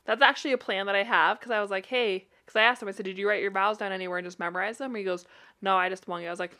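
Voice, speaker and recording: A young woman from Utah, a podcast co-host chatting casually, animated and laughing often as she tells stories. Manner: animated storyteller, laughs often, quick bursts of rising pitch. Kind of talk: casual chat.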